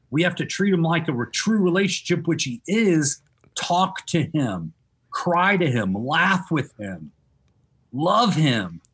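A husky-voiced man, a former baseball chaplain, gives faith advice during a relaxed conversation. He preaches emphatically and drives his point home by repeating key phrases. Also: on the high side. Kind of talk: casual faith chat.

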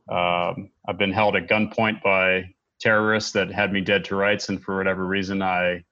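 Man, 30s, veteran telling his story; low voice, halting and earnest, dull lo-fi recording. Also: fairly bright tone. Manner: earnest, halting, with many restarts and pauses. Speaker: military veteran speaker. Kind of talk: personal testimony to an audience.

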